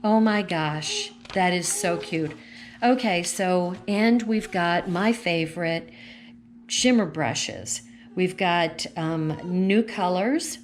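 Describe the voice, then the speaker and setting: At home with her dogs, a consultant gives a casual vlog walkthrough of a craft catalog, turning pages and thinking aloud in a chatty, gushing way. Her voice is on the low side and she speaks slowly, with a little hiss or hum in the recording.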